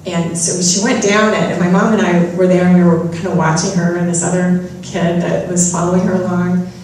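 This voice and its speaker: This spiritual speaker has a fairly low, darkish voice. She inspires her audience with personal stories laced with self-deprecating jokes, captured from far off in a very echoey space with a touch of background noise.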